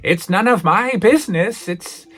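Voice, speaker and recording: A man's voice: high-pitched, measured pace, a bit bright, soft background music, voice pushed up. A man putting on the voice of a fussy, overly polite male school principal. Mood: prim.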